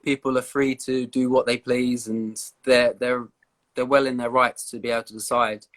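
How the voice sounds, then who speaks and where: A man joining a live stream as a guest, talking in a measured, thoughtful way. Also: medium pitch, little pitch movement, a bit bright. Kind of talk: casual live-stream chat.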